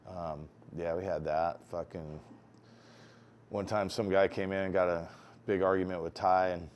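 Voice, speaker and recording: A man with a very deep voice tells loose, rambling stories from his years tattooing, swearing constantly in a relaxed, offhand way. He livens up when he acts out what people said, then settles back into a low, easygoing delivery. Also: measured pace. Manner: heavily profane, rambling anecdotes; animated when acting out dialogue. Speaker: tattoo artist interviewee. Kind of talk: casual storytelling interview.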